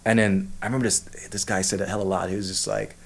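Lowish voiced guy telling a story, all worked up, cussing a lot, keeps restarting. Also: level tone, fast talker. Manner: heated, swears often, many restarts. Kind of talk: casual personal story.

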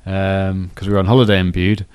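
A man's voice: low voice, little pitch movement, fairly quick, darkish tone, clean tone. A man co-hosting a podcast in casual chat, rambling and correcting himself as he goes. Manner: rambling, self-correcting, chatty. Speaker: podcast co-host.

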